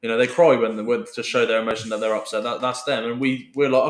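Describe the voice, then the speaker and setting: A man's voice: mid-range voice, little pitch movement. Reflective, earnest man, podcast guest, echoey room. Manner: earnest, reflective, speaks in halting restarts. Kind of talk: casual chat.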